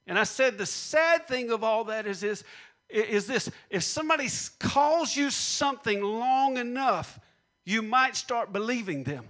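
Bright high-voiced preaching pastor. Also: male voice, lively intonation, a little slow. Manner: preaching with repeated punchlines and call-and-response. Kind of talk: sermon.

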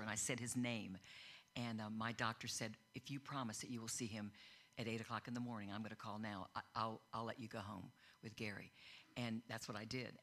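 Bright-voiced woman preaching a testimony. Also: extremely low pitch. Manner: storytelling, acts out quoted voices. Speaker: speaker at a church gathering. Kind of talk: personal testimony sermon.

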